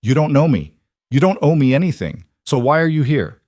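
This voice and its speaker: A man's voice: medium pitch, animated, fairly quick, dark tone, no room sound, studio quality, natural voice. A man voicing a cornered young bride who pleads and argues with rising desperation. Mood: defensive.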